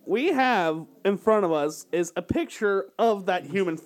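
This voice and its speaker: A man's voice: high-pitched, expressive, unhurried. A man co-hosting a crude, casual podcast chat, rambling and laughing constantly. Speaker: podcast co-host.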